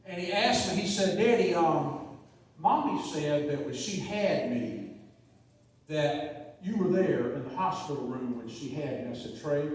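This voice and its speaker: A middle-aged man from South Carolina gives an after-dinner comedy speech in a chatty, storytelling manner. His voice sits fairly high. He speaks into a microphone through a PA system, and the sound rings with long reverb, heard from far off in a large hall. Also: animated, unhurried. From South Carolina, USA. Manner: storytelling, chatty, punchline-driven. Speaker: humorist speaker. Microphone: handheld microphone through PA.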